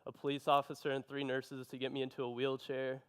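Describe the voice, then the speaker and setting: Flat-toned young man telling his story. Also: mid-range voice, smooth. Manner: halting, earnest storytelling. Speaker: testimony speaker. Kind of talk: personal testimony.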